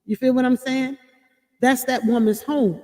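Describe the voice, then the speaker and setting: A woman's voice: high voice, steady tone, unhurried, warm tone, long reverb tail. A woman hosting a casual talk to her online audience, speaking emphatically, laughing often and asking listeners directly whether they follow her. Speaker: host.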